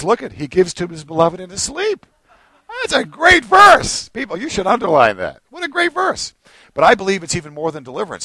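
A male pastor preaches in an animated way, his slightly high, gravelly voice leaping between low asides and excited peaks. He acts out little scenes as he goes. The sound is dry and close, with no room around it. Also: no room sound. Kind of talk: sermon.

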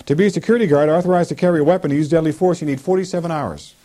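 A man preaching a sermon in an animated way, with humorous asides. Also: a little high, rapid-fire.

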